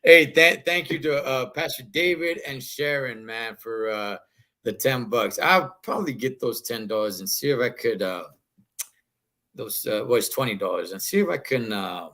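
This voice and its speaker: A man's voice: mid-range voice, animated, moderate pace, pushed and bright. A man hosting a casual interview, talking loosely with a lot of slang and fillers. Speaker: podcast host.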